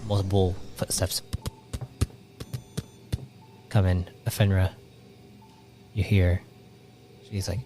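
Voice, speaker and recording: A man narrating as game master, halting with many restarts and fillers, laughing often. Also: low-pitched, little pitch movement, mellow, faint music behind.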